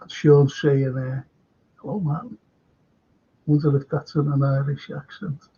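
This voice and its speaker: A man hosting a live football fan show, rambling and indignant, with a gravelly voice on dull lo-fi audio. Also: a little high, takes it slowly. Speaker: football podcast host. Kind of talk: live-streamed fan chat.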